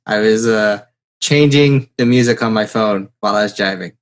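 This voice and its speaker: A man's voice: on the low side, normal speed. A man hosting a podcast, telling a story in casual chat and acting out the quotes. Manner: animated storyteller, acts out quotes. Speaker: podcast host.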